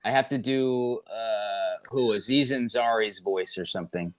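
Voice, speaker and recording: A man's voice: lowish voice, measured pace. Wry, self-deprecating male guest. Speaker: comedian guest. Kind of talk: casual podcast chat.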